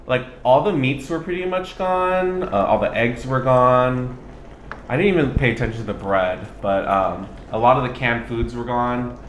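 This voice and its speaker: A man's voice: mid-range voice, normal speed. A man co-hosting a home cooking and eating video, chatting casually and telling stories as he eats. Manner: chatty storyteller, acts out own inner thoughts. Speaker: cooking channel co-host. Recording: roomy echo, faint background noise.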